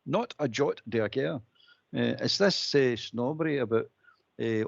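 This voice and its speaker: A man's voice: medium pitch, sing-song, moderate pace, vocal fry, fairly bright tone, husky, dry recording. A Scottish man on a fan phone-in show, talking bluntly and emphatically, repeating his points and calling everyone mate. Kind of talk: casual opinionated chat. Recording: dull lo-fi dry sound.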